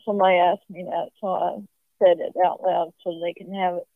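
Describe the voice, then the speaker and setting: A woman's voice: fairly low pitch, level tone, brisk, no echo. A woman calling in to a radio show, chatting casually and unhurriedly, often restarting her sentences. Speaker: caller. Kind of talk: casual phone chat. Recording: tinny phone line.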